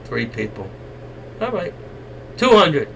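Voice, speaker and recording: A man hosts a live trading stream, nagging and teasing his viewers with mock exasperation and sudden loud shouts. His voice is bright and tense, a little higher than most men's. He sits back from the mic, with faint noise underneath. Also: very animated, slow pace, vocal fry, recorded from a distance, low-quality recording. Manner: coaxing, teasing and exasperated with the chat.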